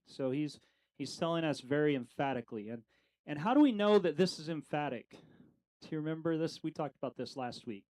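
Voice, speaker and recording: A man's voice: fairly high pitch, a little mellow, poor audio. A middle-aged man leading a casual Bible study, talking conversationally with lots of fillers and questions to the group.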